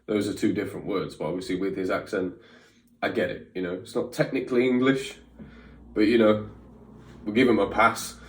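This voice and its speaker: A man's voice: on the low side, normal speed, echoey room, recorded from a distance. A man hosting a reaction video, thinking aloud in casual commentary, repeating lines and stumbling over his words.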